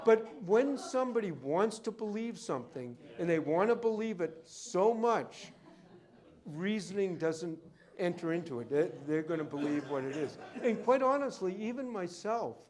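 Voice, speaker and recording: With a high, darkish voice, a rare book dealer and appraiser speaks animatedly at an ordinary pace. He is a rambling storyteller sharing anecdotes at a library talk in an event room, drifting into tangents as he goes.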